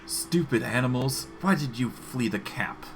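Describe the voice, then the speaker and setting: A man's voice: medium pitch, expressive, unhurried, faint music behind. A man voicing a grumpy, stingy male gnome expedition leader who grumbles sourly. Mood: grumbling.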